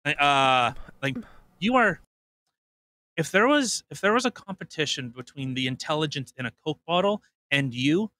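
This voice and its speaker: A man from Canada co-hosts a casual podcast, blunt and teasing, tripping over restarts. His voice sits a bit high for a man and sounds bright and forward. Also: animated, moderate pace, dry recording. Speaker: podcast co-host.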